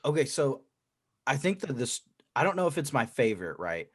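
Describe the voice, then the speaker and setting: A man's voice: mid-range voice, big pitch swings, a little fast, husky. A man co-hosting a podcast in casual chat, telling a story animatedly and swearing freely. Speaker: podcast co-host.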